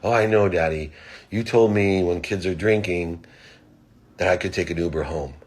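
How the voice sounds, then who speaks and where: A soft, sleepy teenage girl, sweet and apologetic, as a man puts her on in a low, husky voice. She speaks quietly, in a voice that stays deep and a little raspy. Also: moderate pace.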